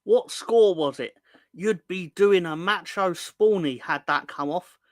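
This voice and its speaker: A man's voice: high voice, unhurried, no echo. Joking man hosting a fan livestream. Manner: joking, rambling, teasing the chat. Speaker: football fan show host. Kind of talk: casual livestream chat reading viewer comments.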